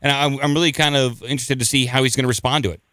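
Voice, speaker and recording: Smooth dry-voiced man hosting a call-in. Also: medium pitch, steady tone, racing, sharp tone, no echo. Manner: rambling, restarts, chuckles. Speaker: radio call-in show host. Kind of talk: casual late-night call-in talk.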